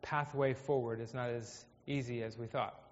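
A male pastor preaching a sermon in a conversational way, his voice swinging from hushed to emphatic. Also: medium pitch, fairly even intonation, moderate pace. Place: church hall. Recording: dull, echoey hall.

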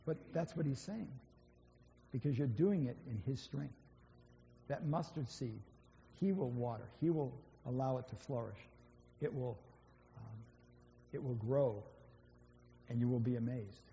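A man's voice: mid-range voice, a little slow, pauses often, dark tone, a little hiss or hum. Hesitant man preaching in an echoey hall. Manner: conversational, hesitant, many fillers and restarts. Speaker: church speaker. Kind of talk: informal sermon with slides. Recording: dull, echoey church hall.

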